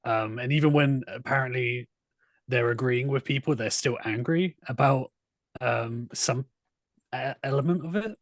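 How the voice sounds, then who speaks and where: A man's voice: medium pitch, unhurried, dry recording. A man co-hosting a movie podcast, talking thoughtfully and hesitantly with many ums. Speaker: podcast co-host. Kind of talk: casual reflective chat.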